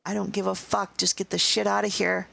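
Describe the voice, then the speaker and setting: A woman's voice: mid-range voice, level tone, a little fast, creaky, a bit bright. A woman streamer giving casual, profane, sarcastic commentary while playing a game. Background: game music.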